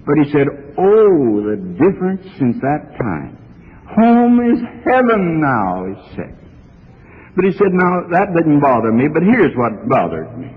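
A man preaching in a church, telling his story with earnest, building fervor in a fairly high, slightly husky voice. It's an old archival recording, thin and phone-like, with a long reverb trailing off his words. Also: very animated, unhurried. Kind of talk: sermon.

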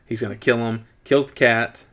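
A man's voice: medium pitch, moderate pace, slight background noise. A man casually recapping a movie plot as a podcast co-host, with wry asides. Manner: animated retelling with wry asides.

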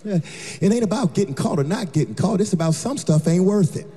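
In a church sanctuary, a male pastor with a high-pitched, animated yet mellow voice preaches a rousing sermon at a brisk pace, chanting and hollering in call-and-response. Long church reverb carries the sound, with music playing behind him.

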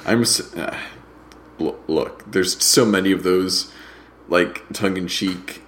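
A man co-hosting a casual podcast over a video call, halting and dryly joking at his own expense. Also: low voice, fairly bright tone, slight background noise. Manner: dry, self-deprecating humor, halting. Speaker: podcast co-host. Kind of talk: casual chat. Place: home room, on a video call.

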